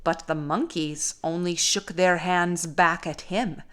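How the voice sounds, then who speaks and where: A young woman, a caregiver, reading a storybook aloud in a slow, gentle, expressive way. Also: on the low side.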